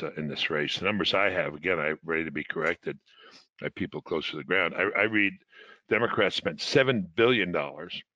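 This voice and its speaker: A man on a political panel speaking deliberately and hedging with frequent ums. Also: low-pitched, sharp tone, dry recording. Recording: dry, muffled lo-fi audio.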